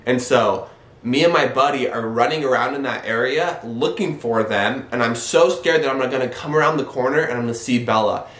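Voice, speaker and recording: A young man in his twenties, a vlogger telling a story in an animated way, acting out his own quoted lines. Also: medium pitch, brisk, echoey room. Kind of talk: casual storytelling.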